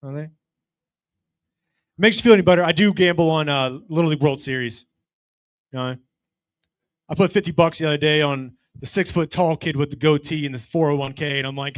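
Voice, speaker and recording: A man's voice: fairly high pitch, moderate pace, long pauses, clear, resonant tone, dry recording, clean studio sound. A middle-aged man doing a stand-up comedy set, telling a profane story with brash delivery and acting out voices.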